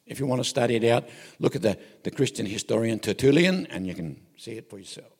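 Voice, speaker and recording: An older Australian preacher tells homespun stories with jokes and frequent self-interruptions. His somewhat high voice is gravelly and husky and swoops up and down with energy. The sound rings with a long echo, as in a large hall. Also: lively intonation, fast talker, darkish tone. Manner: folksy and joking, with self-interruptions. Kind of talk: anecdotal sermon.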